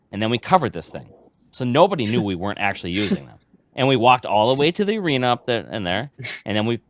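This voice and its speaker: A man's voice: lowish voice, no room sound. A man chatting casually on a live stream as a robot combat team member, blunt and joking.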